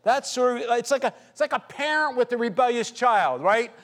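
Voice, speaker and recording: A man's voice: very high-pitched, normal speed. A man preaching a sermon, reading scripture and praying with earnest, rising intensity. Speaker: pastor.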